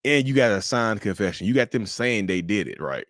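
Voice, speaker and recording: A man hosting a casual livestream, animated and joking, often stumbling and restarting as he answers viewers' questions. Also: lowish voice, a little fast, no room sound, studio quality. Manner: addresses viewers as y'all, answers chat questions. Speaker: livestream host.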